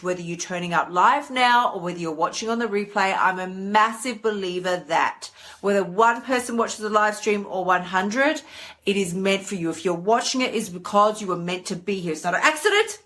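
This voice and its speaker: A woman hosting a live stream, talking in a chatty, animated way and leaping into high voices when she acts out her inner thoughts. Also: moderate pace. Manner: chatty and animated, with big pitch swings for acted inner voices. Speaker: host. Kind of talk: casual live-stream monologue.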